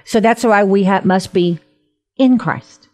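A woman's voice: mid-range voice, unhurried, darkish tone. Earnest woman leading a prayer on air. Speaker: co-host of a Christian radio talk show. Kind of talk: faith talk with a spoken prayer.

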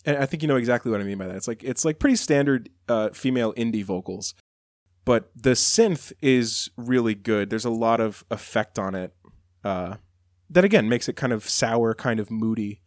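A man's voice: mid-range voice, moderate pace, dry recording. Guy gushing about songs on a podcast, chatty and a bit campy, dry close sound. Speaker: podcast co-host. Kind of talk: casual chat.

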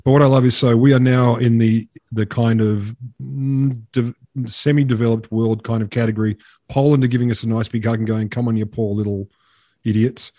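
A man's voice: mid-range voice, steady tone, brisk, warm tone, no room sound, studio quality. An Australian man co-hosting a podcast, sardonic and sweary, riffing on news items in casual chat. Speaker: podcast co-host.

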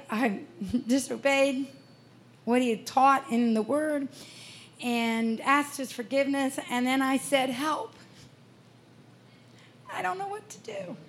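A woman in her sixties shares her faith story from a festival stage. Her voice sits a little high, and she speaks with earnest, heartfelt sincerity. A faint hum lies underneath. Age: 60s. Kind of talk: personal testimony talk.

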